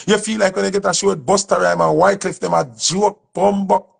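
Jamaican male dancehall artist, high and gravelly, preachy and emphatic on camera. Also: fairly even intonation, a little fast. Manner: emphatic, preachy, repeats his points. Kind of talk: impassioned speech to camera.

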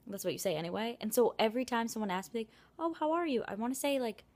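A woman's voice: fairly high pitch, racing, a little mellow. A young woman, a college student, chatting casually to camera in her apartment, rambling with lots of "like" and self-mocking complaints. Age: young adult. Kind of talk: casual vlog chat. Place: apartment, indoors.

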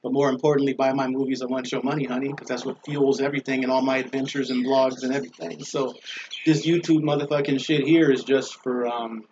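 A man's voice: mid-range voice, flat delivery, fast, a little mellow. Profane rambling man in a lo-fi vlog. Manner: profane, loose and laughing. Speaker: vlogger hosting his own channel. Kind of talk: casual rambling rant. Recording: dull lo-fi with faint noise.

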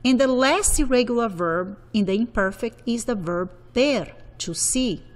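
A woman teaching a Spanish grammar lesson, working slowly through verb conjugations one form at a time. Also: fairly high pitch, lively intonation. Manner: slow, methodical, repeating conjugations. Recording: long reverb.

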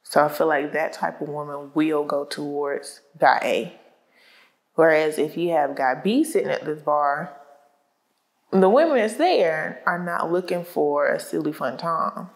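She has a low, unhurried, gravelly voice, captured roughly through a lapel mic. As a podcast co-host in casual conversation, she explains her opinions conversationally, using fillers while she thinks out loud.

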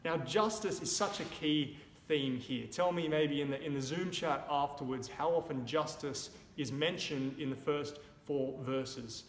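Australian male preacher, slightly high voice, chatty and wry, echoey hall with faint hiss. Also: unhurried, few pauses. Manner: conversational, wry humour, emphatic shouted examples. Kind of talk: sermon. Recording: echoey room, long reverb, faint noise.

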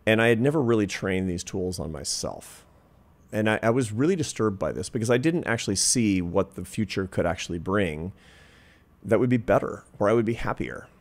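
Deep-voiced guy in his 50s telling a story on an interview, earnest and animated. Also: a little fast. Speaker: interview guest, social scientist. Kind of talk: reflective storytelling in conversation.

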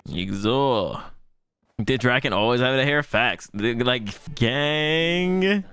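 A man's voice: mid-range voice, takes it slowly, fairly bright tone, smooth. A man hosting an anime reaction channel, talking in loose, slangy, profane commentary and laughing often.

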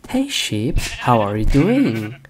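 A man's voice: mid-range voice, wildly swooping pitch, slow. A man voicing a cheerful, reckless young hero in a cartoon, playful and giggly.

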